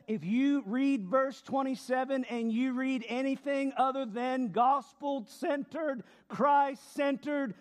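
A middle-aged man preaching a sermon, swinging from loud emphatic shouts to low, quiet, drawn-out phrases.

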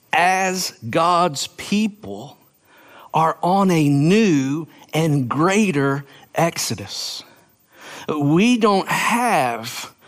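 A man preaching a sermon, explaining scripture with slow, emphatic phrasing and playful sound-outs of words. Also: on the high side. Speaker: pastor.

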